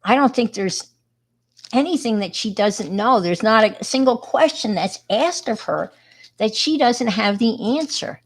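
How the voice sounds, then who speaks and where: New york lady chatting through a craft stream, slow and a bit gravelly, rambly and friendly. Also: on the high side. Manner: chatty, rambling, greets viewers by name. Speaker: crafting livestream host. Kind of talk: casual crafting chat with viewers.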